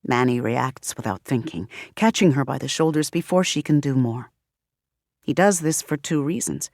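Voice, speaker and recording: A woman narrating an audiobook with expressive, varied delivery. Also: extremely low pitch, normal speed, creaky, no room sound, studio quality. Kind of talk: scripted narration.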